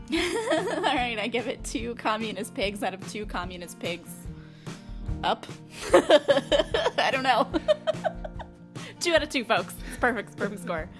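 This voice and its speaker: A woman's voice: mid-range voice, animated, moderate pace, fairly bright tone, soft background music. A woman co-hosting a board game review show in casual chat, playful, joking and chatty.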